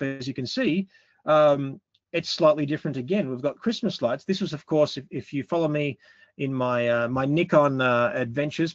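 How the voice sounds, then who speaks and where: A middle-aged Australian man giving a relaxed photography lesson, talking through how his pictures were made with some fillers. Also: on the high side, dry recording, dull audio. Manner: relaxed, conversational explaining with fillers. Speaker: photography instructor. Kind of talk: presentation talk with slides.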